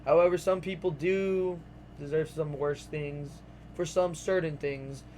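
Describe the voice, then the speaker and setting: A young man telling a long casual story to his vlog audience, rambling and animated, full of "like"s and swearing. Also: a little high, a little slow, a little hiss or hum. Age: young adult. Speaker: vlogger.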